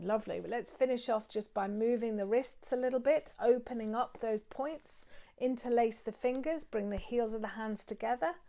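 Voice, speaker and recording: Gravelly-voiced woman guiding acupressure. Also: a little high. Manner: calm, step-by-step guiding, demonstrating on her own hands. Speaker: acupressure and qigong teacher. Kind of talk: guided acupressure and breathing instruction.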